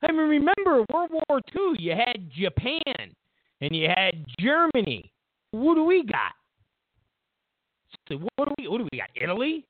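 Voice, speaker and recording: A man's voice: extremely high pitch, normal speed, dry recording. A man hosting a political commentary show, delivering an emphatic, mocking monologue. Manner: emphatic, animated, mocking asides. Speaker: show host. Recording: tinny phone-like audio, dry.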